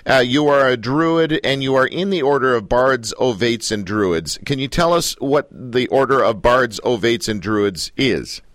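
A man hosting a radio talk show, joking with his guest and talking in quick asides. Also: mid-range voice, no room sound. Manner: jokey, animated, quick asides.

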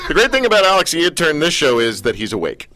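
A man's voice: a little high, noisy background. A man hosting a radio show in a studio, interviewing a guest with joking, teasing banter. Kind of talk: casual on-air interview.

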